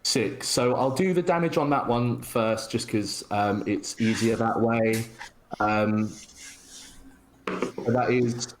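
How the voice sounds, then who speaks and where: Slow, hesitant man playing a game. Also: medium pitch, slight background noise, low-quality recording. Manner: hesitant, full of uhs and ums. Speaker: player. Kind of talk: tabletop game play.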